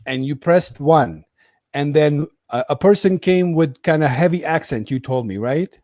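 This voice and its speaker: A man's voice: fairly high pitch, moderate pace, darkish tone, no echo, studio quality. A man interviewing a scam victim, recapping her story carefully to clarify it. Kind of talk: interview questioning.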